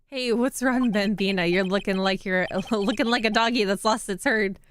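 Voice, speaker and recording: A woman's voice: mid-range voice, fairly even intonation, dry recording, clean studio sound, lightly acted. A woman reading as a laid-back cowboy lawman. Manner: slow folksy reading, attempted Western twang. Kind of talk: game dialogue read aloud.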